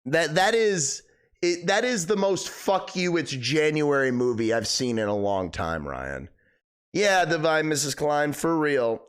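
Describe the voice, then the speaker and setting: A young man talks casually to his live-stream chat, with lots of swearing and rambling. His pitch is slightly high and swoops a lot. His voice keeps cracking. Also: fairly bright tone, smooth. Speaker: livestream host.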